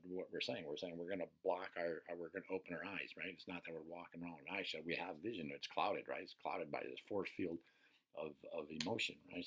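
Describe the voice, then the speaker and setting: Deep-voiced man teaching, tense bright tone. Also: slightly rough. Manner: casual and profane, keeps asking "right?". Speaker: personal development coach. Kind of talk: unscripted teaching talk.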